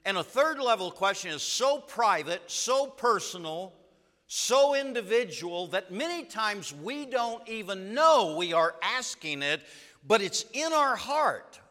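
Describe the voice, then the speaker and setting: A man preaching a sermon, telling stories in an emphatic way with dramatic pauses. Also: sits high, big pitch swings, pushed and bright, in a large hall.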